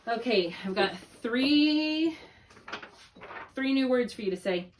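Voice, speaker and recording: A woman's voice: a little high, lively intonation, slow, a little hiss or hum. A middle-aged woman tutoring a student in spelling, patient and encouraging, drawing out syllables to model them. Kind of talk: one-on-one spelling lesson.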